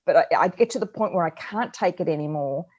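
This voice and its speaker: Woman, middle-aged, low-pitched voice, animated storytelling, parenting chat co-host. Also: quick pace, slightly rough, muffled recording. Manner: animated storyteller, acts out her own yelling. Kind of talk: conversational parenting advice chat.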